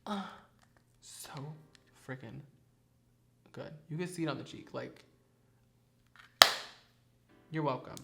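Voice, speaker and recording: A man's voice: mid-range voice, takes it slowly, creaky, pauses often, very noisy. Sassy chatty drag performer, male. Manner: sassy, chatty, playfully dramatic. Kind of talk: makeup product vlog. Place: studio.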